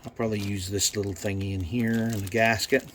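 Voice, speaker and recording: A man's voice: on the low side, fairly even intonation, fairly quick, a little hiss or hum. Cussing man rebuilding a carburetor. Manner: profane, rambling, thinks aloud. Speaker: garage owner rebuilding a carburetor. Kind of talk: casual workshop how-to. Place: home garage workshop.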